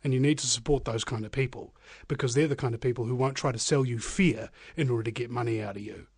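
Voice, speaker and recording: A man's voice: medium pitch, fast talker, darkish tone, slightly rough, no echo. A man hosting a live talk radio show, speaking energetically and emphatically straight to his listeners. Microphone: studio microphone.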